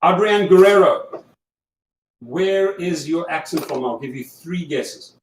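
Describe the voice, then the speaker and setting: A man with a South African accent, whose first language is German, hosts a casual livestream and coaches listeners emphatically, repeating himself. His voice is a little high, animated and unhurried, recorded far from the mic in an echoey room with faint noise.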